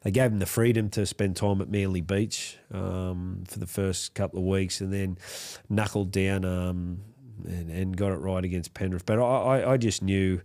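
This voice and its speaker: A man from Australia, a rugby league coach, talking casually as a podcast guest with halting, rambling restarts. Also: sits low, little pitch movement, a little mellow. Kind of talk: casual interview chat.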